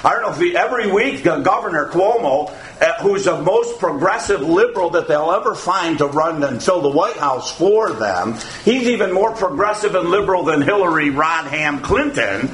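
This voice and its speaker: A man's voice: on the high side, lively intonation, moderate pace, hardly any pauses, fairly bright tone. A man preaching a sermon as pastor, folksy and digressive, full of asides, who keeps repeating "again" and "uh". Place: church sanctuary. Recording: echoey church hall, faint room noise.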